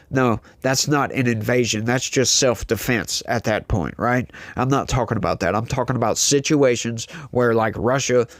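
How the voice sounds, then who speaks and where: Man, political vlog host, opinionated, chatty with fillers, dry close mic, mid pitch. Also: fairly bright tone, no echo. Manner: opinionated, talks straight to viewers with many fillers and repeats. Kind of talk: casual political vlog commentary.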